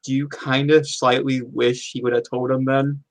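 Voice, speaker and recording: A man's voice: mid-range voice, flat delivery, moderate pace. A man co-hosting a movie podcast, chiming in with side notes and theories in casual chat. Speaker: podcast co-host. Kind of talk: casual film review chat.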